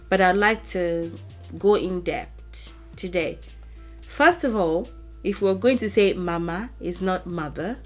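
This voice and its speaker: A woman giving a casual language lesson to camera. She speaks deliberately, repeats example phrases with stretched emphasis and laughs lightly between points. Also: medium pitch. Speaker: language teacher.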